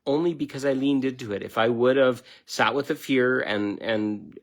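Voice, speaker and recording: A middle-aged man delivers a motivational self-help monologue in a gravelly, creaky voice. He talks bluntly and emphatically and swears without hesitation. His pitch sits at an everyday middle level for a man. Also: moderate pace.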